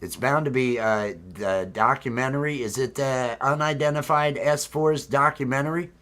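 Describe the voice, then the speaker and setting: A man's voice: mid-range voice, moderate pace, fairly bright tone. A man hosting a casual livestream chat, telling a story in a rambling way with many fillers and restarts. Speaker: host.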